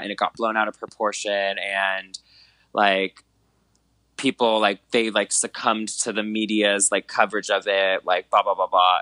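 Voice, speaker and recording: A man's voice: on the low side, dry recording, rough recording. A man in his twenties chatting casually as a podcast co-host, telling a dramatic story with lots of fillers like "like" and "um". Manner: animated storyteller, many fillers like "like" and "um", dramatic retellings. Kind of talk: casual chat.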